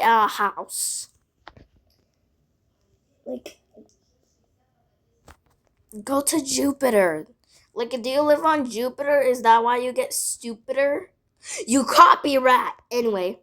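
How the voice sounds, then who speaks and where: A woman's voice: high-pitched, slow pace, long pauses, a bit bright. A female voice telling a casual storytime vlog, rambling with lots of "like" and side remarks. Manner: rambling, filled with "like", frequent asides.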